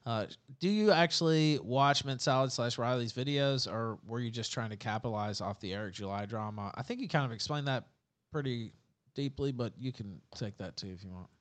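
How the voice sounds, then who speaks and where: A man's voice: mid-range voice, a little fast. A man hosting a casual podcast, reading out viewer questions in a loose, hesitant way with many fillers. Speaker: host.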